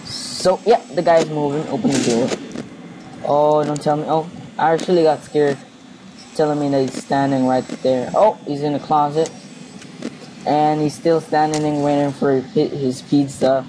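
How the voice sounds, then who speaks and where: In rough home audio with steady background noise, a young gaming host rambles through casual let's play commentary on the horror game he's playing, sounding anxious and pleading. His voice is a little high and moves at a moderate pace.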